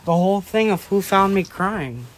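A man's voice: high-pitched, expressive, moderate pace, slight background noise. A drunk young man in casual late-night chat, rambling loosely and drifting off track.

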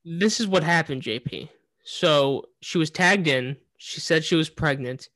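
A man with a slightly raised voice chats excitedly about a wrestling segment, his sentences speeding up as he goes. He laughs easily and keeps handing the floor to his co-host. The sound is close and dry. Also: fairly high pitch, unhurried, dry recording. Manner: excited, breaks into laughs, asks co-host's opinion. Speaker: podcast co-host. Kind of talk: casual wrestling chat.

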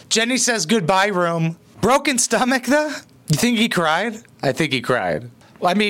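A man's voice: fairly high pitch, bright, forceful tone. A man hosting a reaction video, mocking and sarcastic, with crude comedic commentary.

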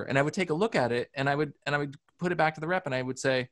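A man from Canada, a sales author, answering interview questions in an energetic, explanatory way with rhetorical questions. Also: on the high side, very fast, few pauses.

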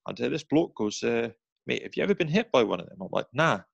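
A man, a former soldier, telling animated anecdotes in a casual interview, slipping into quoted voices and restarting his sentences. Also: medium pitch, quick pace, vocal fry, slightly rough, dry recording, muffled recording.

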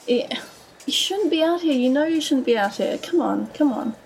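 A woman's voice: sits high, expressive, moderate pace, gravelly, crowd noise, pitched above the performer's own voice. A woman voicing a protective young woman adventurer who talks in an anxious, coaxing way in a tabletop game. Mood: worried.

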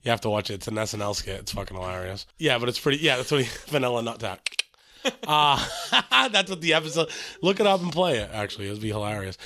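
A man's voice: mid-range voice, lively intonation, quick pace, bright, forceful tone. A man co-hosting a podcast, chatting casually and swearing while retelling movie scenes. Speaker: podcast co-host. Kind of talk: casual chat.

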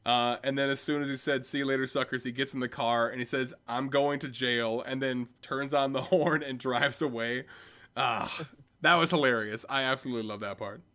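Bright-voiced guy joking around on a movie podcast, cursing and laughing. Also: medium pitch, fairly even intonation, a little fast. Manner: joking, swearing, laughs often. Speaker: podcast co-host. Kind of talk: casual movie chat.

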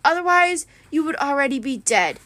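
A woman's voice: high voice, animated, moderate pace, bright, forceful tone, no room sound, pitched above the performer's own voice. A woman reading aloud and voicing a cold, mocking male monster posing as a vice principal.

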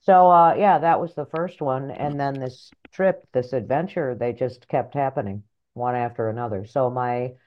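A middle-aged woman author and life coach telling her story in an interview, animated and blunt, acting out voices in her head. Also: extremely low pitch, moderate pace, hardly any pauses, highs cut off. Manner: animated, acts out inner voices, earthy phrasing.

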